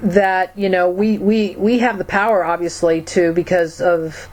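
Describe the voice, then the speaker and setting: A woman's voice: fairly low pitch, fairly even intonation, unhurried, a little mellow. A woman guest on a radio show, speaking hesitantly with many fillers and restarts. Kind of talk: casual conversation.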